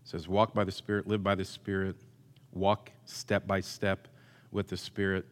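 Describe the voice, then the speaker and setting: A male pastor delivering a sermon, swinging between loud emphatic bursts and quiet asides, with self-deprecating humor. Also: sits low, little pitch movement, moderate pace. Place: church hall with long reverb. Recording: hall reverb.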